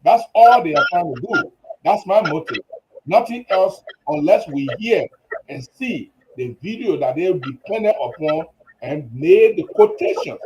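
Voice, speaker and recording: A man's voice: sits high, expressive, unhurried, darkish tone, a little hiss or hum, rough recording. A man, giving his political views on a talk show and often stumbling over repeated words. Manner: hesitant, repeats words while searching. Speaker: guest commentator.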